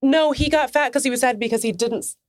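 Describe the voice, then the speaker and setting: A woman in her thirties chats on a podcast, spinning a story with giggles and acted-out quotes. Her voice sits on the higher side. The sound is close and dry. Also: quick pace, no room sound. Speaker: podcast co-host. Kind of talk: casual chat.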